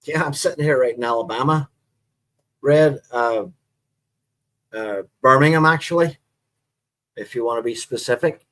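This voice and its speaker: A middle-aged man with a Northern Irish accent chats on a live stream. He talks in a loose, rambling way, with plenty of fillers and friendly asides. His voice sits at an ordinary male pitch. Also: moderate pace, long pauses. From Northern Ireland. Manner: relaxed, rambling, chatty with viewers. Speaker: livestream host. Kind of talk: casual live-stream chat.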